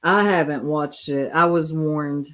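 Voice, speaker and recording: A woman with a fairly low voice hosts a live reaction stream in easygoing chat. She talks straight to her viewers, loose and chatty. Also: fairly even intonation, a little slow, fairly bright tone. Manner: chatty, addresses viewers directly.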